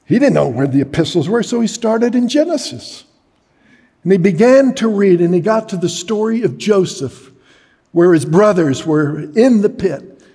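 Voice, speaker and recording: A middle-aged man preaching a sermon, telling a story dramatically and shouting at its peaks. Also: sits high, expressive, normal speed, breathy edge. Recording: long hall reverb.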